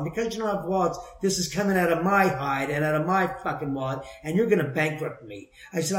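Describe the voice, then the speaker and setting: A man telling a long story in casual conversation, heated, profane and animated. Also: fairly high pitch. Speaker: storyteller, homeowner with a haunted house. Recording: roomy echo.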